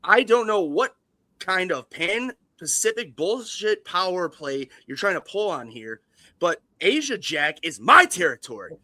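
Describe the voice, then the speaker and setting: A man doing an impression of a foul-mouthed, raging male movie studio boss, shouting threats. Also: sits high, sing-song, unhurried, no room sound, exaggerated voice. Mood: furious ranting.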